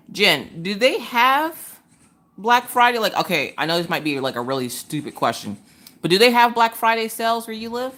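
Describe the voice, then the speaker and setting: A woman hosts a laid-back craft livestream, addressing her viewers directly in chatty, rambling talk that turns into exasperated rants packed with rhetorical questions. Her mid-range voice has a bright, crisp edge, very animated at a moderate pace. Between sentences she chews ice.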